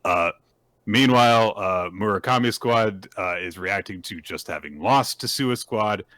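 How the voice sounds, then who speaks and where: A man's voice: lowish voice, measured pace, dry recording. A man co-hosting a podcast, recapping manga chapters in casual chat and acting out the scenes. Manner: animated, acts out the scenes. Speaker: podcast co-host.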